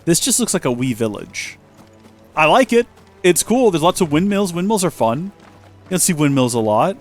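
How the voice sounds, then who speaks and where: A man's voice: on the high side, big pitch swings, moderate pace, soft background music. A man chatting and joking as a let's play host, rambling as he plays. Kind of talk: gameplay commentary.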